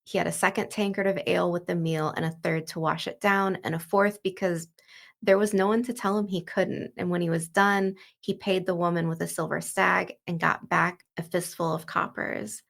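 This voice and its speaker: A woman's voice: fairly low pitch, little pitch movement, normal speed, creaky, a bit bright. A woman hosting a book walkthrough, retelling the story in a loose, chatty way full of "like" and "you know.". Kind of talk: casual book commentary and retelling.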